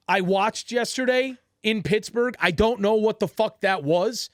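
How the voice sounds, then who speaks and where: A man's voice: high voice, unhurried, hardly any pauses, no echo, clean studio sound. A man co-hosting a sports podcast, ranting in heated, profane, emphatic bursts.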